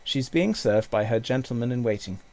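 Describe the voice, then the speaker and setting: A kindly, knowledgeable uncle, as a man reading a storybook puts him on, calm and explanatory. The voice has a gravelly grain and a lively, rolling pitch. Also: a little fast, lightly acted.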